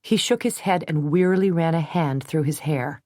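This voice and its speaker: Brief: female audiobook narrator, steady and even, lowish voice, dry studio. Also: moderate pace, few pauses, no echo. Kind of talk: scripted narration.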